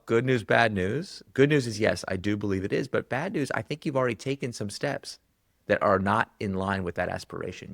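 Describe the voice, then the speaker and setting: Low gravelly male guest, animated storyteller, dry close sound. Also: no room sound. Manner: animated, acts out quoted dialogue with quick pitch jumps. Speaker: guest author. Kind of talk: conversational storytelling.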